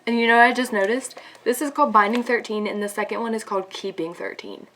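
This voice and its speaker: A young woman with a slightly high voice talks through a book she is reading in a loose, chatty vlog style. She gushes and laughs easily, scatters "like" through her sentences, and sinks to a hushed, softer tone when something moves her. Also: fast talker, slight background noise. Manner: excitable, gushing, laughs often, filler "like". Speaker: book vlogger. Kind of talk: casual reading vlog chat.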